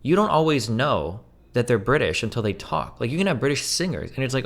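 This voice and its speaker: A man's voice: medium pitch, big pitch swings, quick pace, gravelly, few pauses. A man streaming, casually debating and teasing his guest with sarcastic, provocative banter.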